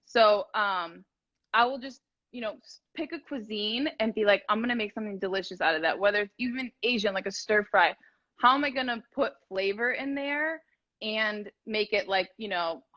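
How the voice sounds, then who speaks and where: A woman's voice: medium pitch, moderate pace, muffled recording. A woman chatting casually as a guest cook, rambling with lots of fillers, over a video call. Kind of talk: casual cooking chat.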